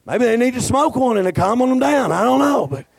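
A male pastor, preaching a folksy, joking sermon that swells into shouting. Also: very high-pitched, lively intonation, a little fast, slightly rough, dry recording.

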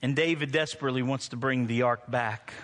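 A man's voice: medium pitch, steady tone, fairly quick, a bit bright. A middle-aged male pastor preaching to a congregation, mixing humorous stories with emphatic preaching. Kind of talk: sermon. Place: church before a congregation.

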